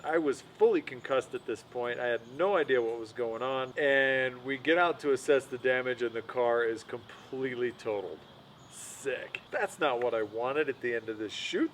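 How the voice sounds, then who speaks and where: A man's voice: mid-range voice, fairly bright tone, rough recording. Brief: young male vlogger, frank self-mocking storyteller, mid-range voice, faint hiss behind. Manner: casual, self-deprecating, frank. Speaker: vlogger, host of the show. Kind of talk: storytelling voice-over narration.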